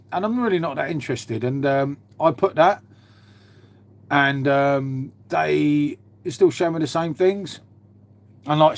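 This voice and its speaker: A man talks loosely through a live stream from his half-converted garage, his voice sitting a little high. He rambles from one thing to the next, drops casual swearing and calls everyone mate. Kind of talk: casual live-stream chat reading viewer comments.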